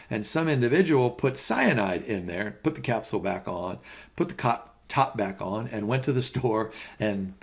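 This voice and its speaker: Gravelly low-voiced male finance lecturer. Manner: conversational, rambling with fillers and asides. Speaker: finance instructor. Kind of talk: recorded lecture.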